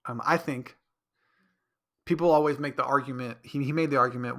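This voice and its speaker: On his casual solo podcast, a man speaks briskly with fairly even intonation, a medium pitch, and a fairly bright tone, pausing often. He rambles, corrects himself mid-thought, mimics others in a raised voice, and sounds slightly stuffy.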